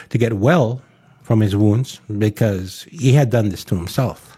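A man preaching a devotional sermon in an earnest, halting way, often pausing on fillers. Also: fairly low pitch, warm tone, slightly rough.

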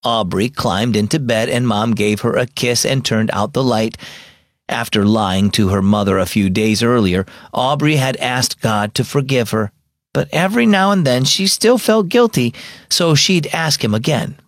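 A young adult man hosting and narrating a children's devotional story in a bright, expressive manner. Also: mid-range voice, normal speed, no echo, clean studio sound. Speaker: host and narrator.

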